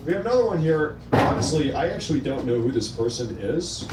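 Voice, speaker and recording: A man hosts a casual commentary show, sarcastic and opinionated as he reacts to clips. His voice sits a little high. He is recorded from a distance in an echoey room with faint noise behind him. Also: sing-song, a little fast, few pauses. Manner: sarcastic, opinionated, reads quotes aloud. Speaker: show host.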